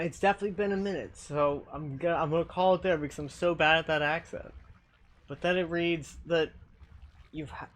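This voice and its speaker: A man streaming a game and chatting casually, swinging between mumbling and loud, swearing exclamations. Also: on the high side.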